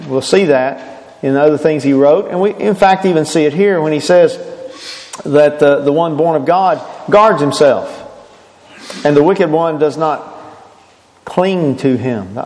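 A man's voice: a little high, darkish tone, big-room sound, poor audio. A man preaching a sermon, earnest and emphatic, often restarting his phrases.

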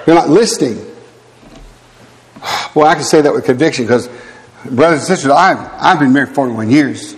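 An older man preaches in a church hall, his voice pitched a little high and carrying a long reverb. He is emphatic and animated, stressing his points and dropping in quick laughs and asides. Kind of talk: sermon.

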